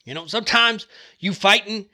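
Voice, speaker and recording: A young man hosting a podcast, giving a fired-up, profane motivational talk that swings between yelling and relaxed joking, his throat getting dry from the shouting. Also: sits high, normal speed. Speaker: podcast host.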